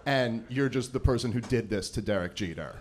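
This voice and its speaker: A man's voice: medium pitch, brisk, a little hiss or hum. A man in his thirties doing a rambling, self-deprecating stand-up comedy set on a live event stage. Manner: rambling, self-deprecating, lots of fillers and acted-out quotes.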